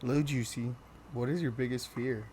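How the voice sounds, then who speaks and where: A man's voice: mid-range voice, steady tone, moderate pace, a little mellow, a little hiss or hum. A man hosting a podcast in casual chat, teasing the guest as he asks the questions. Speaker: podcast host.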